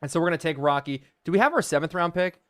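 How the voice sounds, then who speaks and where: A man's voice: on the high side, lively intonation, racing, fairly bright tone, clean tone. A young man live-streaming a video game, chatting to viewers and thinking aloud as he plays.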